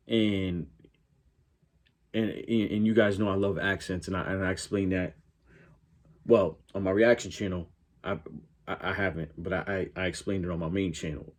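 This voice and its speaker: A man with a very low, deep voice talks casually to his viewers. He rambles and stops to restart his sentences, filling gaps with "um" and "like". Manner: rambling, many restarts and fillers. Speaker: reaction channel host. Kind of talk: casual talk to camera.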